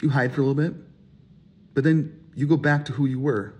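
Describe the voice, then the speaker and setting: Male pastor, very husky voice, animated sermon delivery with acted-out quotes. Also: medium pitch, fairly quick. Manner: animated, acts out voices in quotes, rising emphasis.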